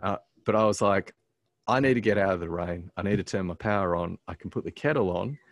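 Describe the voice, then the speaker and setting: A man casually telling a personal story on a podcast, halting with many ums and restarts, earnest as he reflects on his faith. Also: deep voice, no room sound.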